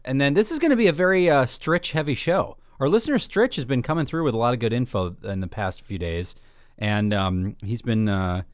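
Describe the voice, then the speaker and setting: A man's voice: medium pitch, lively intonation, fairly quick, dry recording, studio quality. A man co-hosting a casual podcast, rambling and playful with lots of fillers and restarts. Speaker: podcast co-host.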